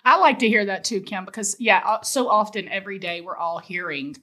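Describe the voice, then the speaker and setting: A woman co-hosting a casual chat, playful and teasing, with quick laughter. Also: medium pitch, bright, forceful tone. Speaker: podcast co-host.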